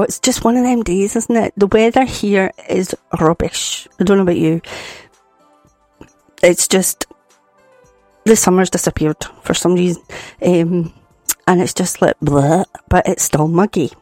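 A Scottish woman hosts a radio show with a gravelly, croaky voice, talking casually and laughing at her own slips. The studio sound is dry and close, with faint music under her. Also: fairly low pitch, measured pace, long pauses, a little mellow, dry recording. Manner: chatty, apologetic, laughs at herself. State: croaky voice from hay fever. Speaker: radio presenter.

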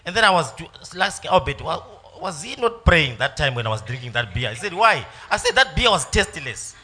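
A man's voice: on the high side, animated, brisk, sharp tone. A man giving an emotional, storytelling church testimony. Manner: storytelling, emotional, laughing at times.

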